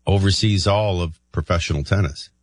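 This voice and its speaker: A man hosting a morning talk radio show, rambling and thinking out loud with many restarts. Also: low-pitched, moderate pace, husky, dry recording.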